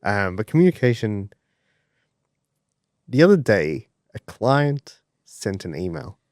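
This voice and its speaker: Animated, swearing man on a podcast. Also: on the low side, takes it slowly, vocal fry, no echo, studio quality. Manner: animated and swearing, acts out quoted voices. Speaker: podcast co-host. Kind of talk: casual chat.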